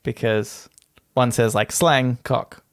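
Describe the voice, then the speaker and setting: A man's voice: medium pitch, fairly even intonation, takes it slowly. A man co-hosting a podcast, reading out a list in casual comedic chat and often breaking into laughter. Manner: giggly, breaks into frequent laughter. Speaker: podcast co-host.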